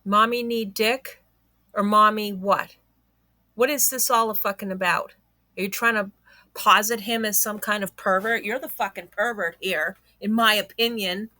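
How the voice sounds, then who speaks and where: A woman's voice: medium pitch, fairly even intonation, moderate pace, pushed and bright, no room sound. A woman giving reaction commentary on a YouTube channel, blunt and indignant, swearing freely.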